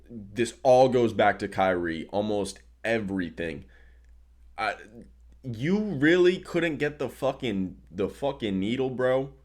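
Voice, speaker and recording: A man's voice: lowish voice, a little mellow. A man ranting casually about his team, exasperated and swearing, dropping "bro" often. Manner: exasperated, profane, says "bro" a lot. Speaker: sports vlogger. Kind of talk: casual sports rant.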